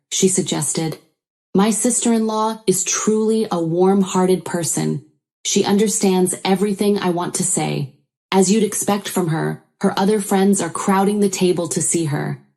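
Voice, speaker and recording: A woman's voice: lowish voice, a little mellow. A woman reading a first-person drama story as a scripted narrator.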